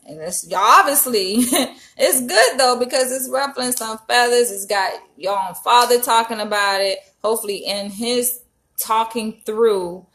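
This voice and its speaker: Woman vlogger, animated and emphatic, casual commentary. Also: fairly high pitch. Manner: animated, emphatic, frequent profanity.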